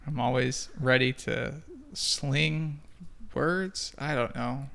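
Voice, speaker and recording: A man's voice: mid-range voice, steady tone, slow pace, vocal fry, pushed and bright. A man co-hosting a podcast, delivering dry, matter-of-fact quips in casual banter. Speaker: podcast co-host.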